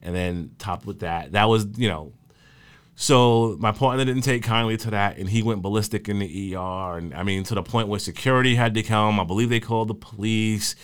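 A man who works in emergency medical services, telling stories from his early days in a casual way, halting often with fillers and restarts. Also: lowish voice, smooth. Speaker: EMS worker recalling his career. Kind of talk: casual spoken storytelling.

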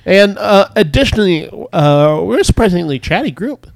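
A man's voice: sits high, lively intonation, moderate pace, vocal fry, no room sound. A worn-out man hosts a loose group conversation, wandering through his explanation with plenty of hesitations. The sound is dry and close, with no room around it. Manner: rambling, filler-heavy explanations. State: tired from staying up. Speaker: podcast host. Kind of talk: casual group chat.

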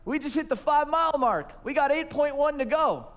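A man's voice: extremely high pitch, expressive, brisk, a bit bright, pitched above the performer's own voice. A man quoting a cheerful male runner in his seventies, in an easygoing, amused way. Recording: long reverb of a large hall.

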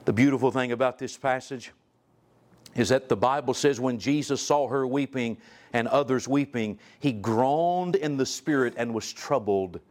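A male guest preacher delivering a sermon, reading scripture aloud and asking the congregation direct questions, his pitch and loudness swinging widely. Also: moderate pace. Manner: reads scripture aloud in old-style wording; asks the listeners direct questions.

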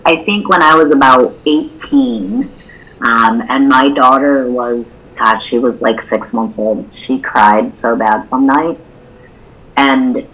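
A woman's voice: a bass voice, a bit bright, slightly rough, rough recording. A woman co-hosting a podcast, telling a personal story in a candid, open way during a casual conversation. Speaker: podcast co-host.

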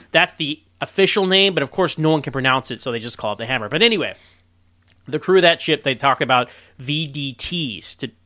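Chatty bright-voiced trivia man. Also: medium pitch, dry recording, studio quality. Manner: chatty, animated, laughs often. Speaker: podcast co-host sharing film trivia. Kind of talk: casual chat.

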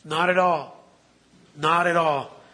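A man's voice: a little high, steady tone, takes it slowly, pushed and bright. A man preaching a sermon in a conversational way, asking the listeners rhetorical questions.

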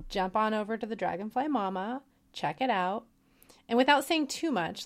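A woman in her forties hosting a solo podcast, speaking in an earnest, personal way. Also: mid-range voice. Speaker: podcast host.

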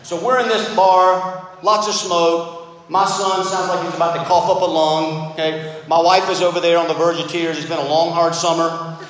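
A man's voice: on the high side, normal speed. Middle-aged male preacher in an echoey hall. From United States. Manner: storytelling, animated and self-deprecating. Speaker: pastor. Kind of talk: sermon. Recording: very echoey hall, faint room noise.

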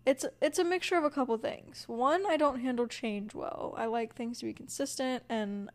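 A woman's voice: a little high, moderate pace, a little mellow. A young woman with a Southern US accent, hosting a podcast and chatting casually, rambling with lots of "like" and "um". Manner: rambling, filler-heavy, self-deprecating. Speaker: podcast host. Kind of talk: casual solo podcast chat.

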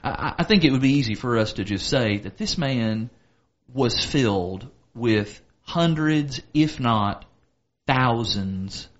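A man's voice: medium pitch, animated, slow pace, highs cut off. A man co-hosting a casual Bible study talk, reading scripture aloud and explaining it earnestly. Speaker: podcast co-host, Bible teacher.

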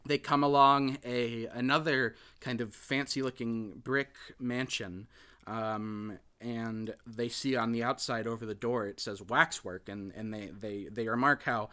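A man talks through a movie's plot in a loose, chatty recap, stumbling over fillers and restarting his sentences. His voice is bright and forceful, with a smooth, crisp, clear tone. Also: medium pitch, steady tone, unhurried. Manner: rambling, hesitant, many filler words and restarts. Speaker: podcast host recapping a film. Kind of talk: casual film recap chat.

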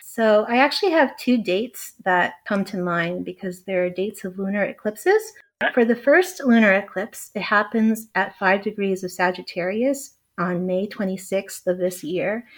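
A woman's voice: medium pitch, measured pace. Chatty woman astrologer, filler-heavy. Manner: chatty, heavy use of "like", giggly. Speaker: astrologer guest. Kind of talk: casual chat.

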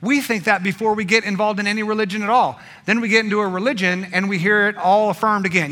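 A male pastor giving a sermon, swinging between emphatic passages and hushed, intimate ones. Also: high-pitched, steady tone, fast talker, few pauses.

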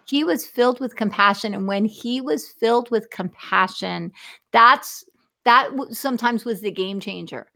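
A woman's voice: on the high side, a little slow, vocal fry, bright, forceful tone. A woman hosting a faith talk show, speaking in an earnest, thoughtful, affirming way. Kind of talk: conversational interview.

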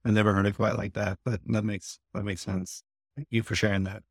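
A man hosts a podcast in a lowish voice, speaking casually as a doctor. He rambles, searching for his words and restarting his sentences. The recording is dry and close. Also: level tone, a little fast, vocal fry, husky, no echo. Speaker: podcast host, oncologist. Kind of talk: casual conversation.

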